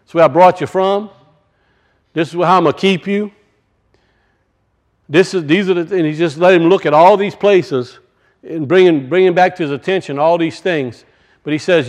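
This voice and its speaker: A man preaching a sermon and telling a personal story, swinging from loud bursts to hushed, quiet lines. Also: a little high, moderate pace, pauses often. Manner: rises loud then drops to hushed, storytelling.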